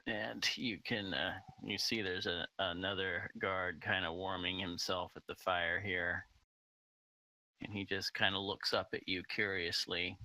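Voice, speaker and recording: A man running a tabletop game as game master, narrating slowly with many pauses and fillers. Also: deep voice, fairly even intonation, pushed and bright, no echo, poor audio.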